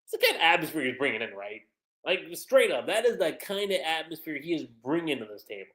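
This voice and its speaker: A man giving casual livestream commentary as a manga reviewer, chatty and animated. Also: fairly high pitch, fast, roomy sound. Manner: animated, chatty, frequent laughter and fillers.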